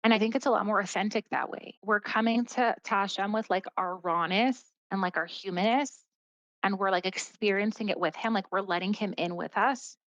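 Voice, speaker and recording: A woman's voice: medium pitch, brisk, fairly bright tone, no room sound. Earnest woman guest, dry dull audio. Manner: earnest, heavy use of "like" as a filler. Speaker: podcast guest. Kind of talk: casual conversational storytelling.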